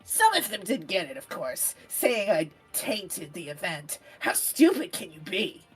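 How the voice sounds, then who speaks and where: A woman's voice: fairly low pitch, very animated, unhurried, soft background music. Woman doing a boastful male otaku artist. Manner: boastful, self-important. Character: pompous male otaku fan-comic artist. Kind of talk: let's play voice acting.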